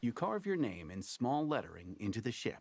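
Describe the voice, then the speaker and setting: A lively storybook game narrator. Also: male voice, medium pitch, fairly quick, gravelly, slightly rough, dry recording, exaggerated voice. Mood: storytelling. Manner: theatrical, storytelling game-master delivery. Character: wry male game master narrating a card tale. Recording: game audio with faint music underneath.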